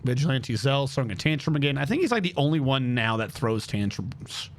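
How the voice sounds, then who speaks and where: A man streams a game and talks to himself casually, muttering and humming now and then as he plays. His mid-range voice is fairly quick with lively intonation, making for relaxed gameplay commentary.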